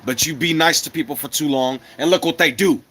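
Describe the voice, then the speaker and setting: A man's voice: fairly high pitch, a little fast, fairly bright tone, a little hiss or hum. Blunt, profane man on an angry rant. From America. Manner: blunt, profane and combative, with repeated rhetorical questions. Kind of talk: angry monologue to the camera.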